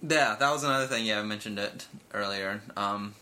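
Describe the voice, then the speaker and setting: A man's voice: on the low side, fairly quick, sharp tone. A man co-hosting a casual talk show, chatty and full of fillers, laughing easily. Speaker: podcast co-host. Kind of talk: casual chat.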